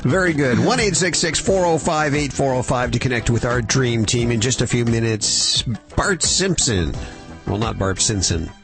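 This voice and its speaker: A man's voice: mid-range voice, animated, normal speed, creaky, over music. A man hosting a pet radio show in an upbeat, announcer-like manner. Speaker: radio host. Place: radio studio.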